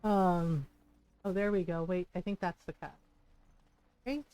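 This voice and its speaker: A woman's voice: on the low side, steady tone, a little slow, mellow, clean tone, low-quality recording. A woman streamer chatting casually while she plays, rambling and giggling, with lots of "like" and "right?". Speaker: game streamer. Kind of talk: casual gameplay commentary.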